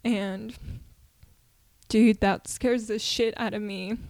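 A young woman hosting a personal solo podcast, talking candidly and haltingly with many fillers and restarts. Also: medium pitch, steady tone, creaky, darkish tone, no echo, studio quality. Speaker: podcast host.

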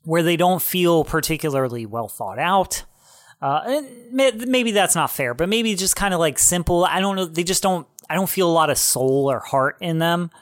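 A man's voice: fairly high pitch, animated, moderate pace, no room sound, studio quality. A young man co-hosting a music podcast, giving laid-back, opinionated takes on albums. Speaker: podcast co-host. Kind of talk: casual chat.

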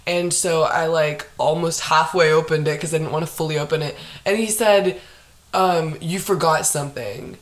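A woman's voice: deep voice, moderate pace. Laughing young woman telling a story. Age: young adult. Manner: animated, laughing, heavy use of "like", swears freely. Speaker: podcast host. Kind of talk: casual storytelling chat. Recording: echoey room.

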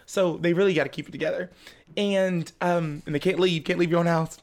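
A young man, a podcast guest, telling a story in casual chat, animated and laughing often as he acts out his family's lines. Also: high voice, brisk. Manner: laughs often while talking.

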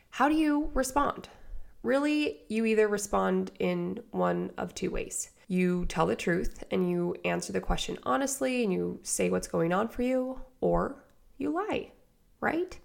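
A life coach hosts a casual solo podcast, talking straight to her listeners. Her medium-pitched voice is hoarse from a cold.

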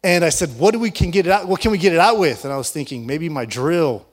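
An animated man telling a story from the pulpit in a fairly high voice. He laughs often and acts out the lines of everyone in the story. His sermon delivery is lively and playful. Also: fast talker. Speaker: pastor.

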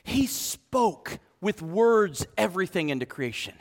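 A male pastor preaching a sermon, animated, moving from quiet asides to shouted emphasis. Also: high-pitched, moderate pace, in a large hall.

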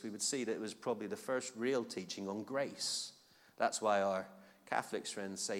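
A man's voice: on the low side, steady tone, a little fast. A man preaching a sermon in a casual, conversational way with playful asides. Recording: long reverb of a hall.

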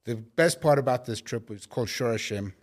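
Man, South African accent, relaxed rambling storyteller, medium-pitched voice. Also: fairly quick. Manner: relaxed, rambling, frequent restarts. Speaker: guest. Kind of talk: casual conversational storytelling.

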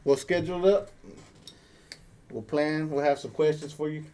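A man's voice: fairly high pitch, fairly even intonation, moderate pace, dark tone, slight background noise. Laughing man co-hosting a drinking podcast. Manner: loose, laughing banter with drinks. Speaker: podcast co-host. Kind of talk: casual chat on a live podcast.

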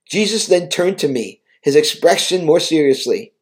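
A man preaches with earnest emotion, recounting a vision and exhorting his listeners in a devotional talk. His high-pitched voice swings widely in pitch, moving at a moderate pace with few pauses.

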